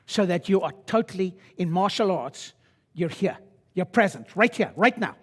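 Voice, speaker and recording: A man in his sixties, a chiropractor giving a live seminar talk, blunt and swaggering with salty language and sudden loud shouted bursts. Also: high-pitched, animated, normal speed, slightly rough.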